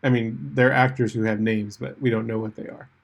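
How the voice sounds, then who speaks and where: A man co-hosting a podcast in casual chat, jokey and quick to riff on silly ideas. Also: mid-range voice, steady tone, gravelly. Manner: jokey, riffs on silly scenarios. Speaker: podcast co-host.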